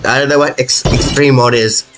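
A man's voice: mid-range voice, steady tone, brisk, heavy background noise. Frantic young man commentating his gameplay. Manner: frantic, pleading and self-mocking. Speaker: gaming YouTuber. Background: game music.

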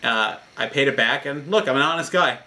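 A man's voice: medium pitch, fairly quick, pushed and bright, natural voice, rough recording. A man voicing a dishonest male villager who eagerly talks his way into a loan. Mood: persuasive. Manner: eager, persuasive.

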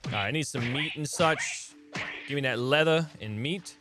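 A man's voice: medium pitch, moderate pace, over music. A young man commenting on a game as he plays it, talking to viewers and yelping and laughing at surprises. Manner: excitable, talks to viewers, yelps and laughs at surprises. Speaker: gaming channel host. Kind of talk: let's play commentary.

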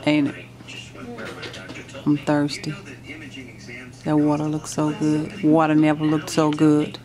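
Low-pitched, creaky and darkish in tone, this woman chats casually to camera in a vlog, filmed handheld at home and in a hospital pre-op room. Though nervous, she keeps things chatty and slangy, laughing often.

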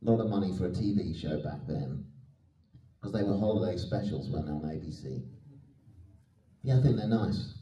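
Deep, dark-voiced man in an echoey hall. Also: expressive, a little fast, pauses often. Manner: chatty, self-deprecating, laughs often. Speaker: guest actor on a convention panel. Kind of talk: anecdotal panel Q&A. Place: convention hall. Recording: echoey hall, mic at a distance.

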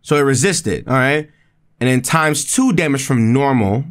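A young man giving excited, slangy commentary while playing a video game, jumping up in pitch when he reacts. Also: normal speed. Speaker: gaming video creator. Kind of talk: excited let's-play commentary.

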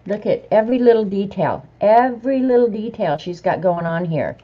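A woman's voice: medium pitch, animated, normal speed, muffled recording. A middle-aged woman vlogger chatting casually to viewers as she opens mail, laughing and reading bits aloud. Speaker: vlogger opening happy mail.

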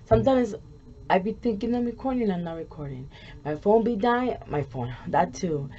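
A woman vlogger talks casually as she crafts, quick to get frustrated and swearing often. Her voice is mellow and warm. Faint noise sits in the background. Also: mid-range voice, expressive, highs cut off. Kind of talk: casual craft vlog chat.

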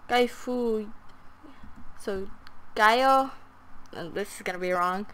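A woman's voice: mid-range voice, slow pace, long pauses, fairly bright tone. A young woman commenting on her game and reading story text aloud, often stumbling over words and mocking herself. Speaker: gamer.

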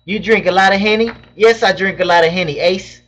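He's a young Southern California streamer with a high, slightly bright voice, talking fairly quickly as he reads viewers' chat questions aloud and riffs on them in relaxed slang. The home broadcast comes through a webcam mic with a dull, lo-fi sound.

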